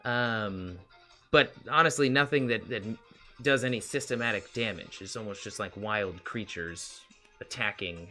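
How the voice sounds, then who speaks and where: A cocky twelve-year-old hacker girl, as a man puts her on in a tabletop game, boastful and offhand. The voice is bright and forward at a middling pitch. Faint music plays behind. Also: a little slow. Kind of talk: tabletop role-play in character.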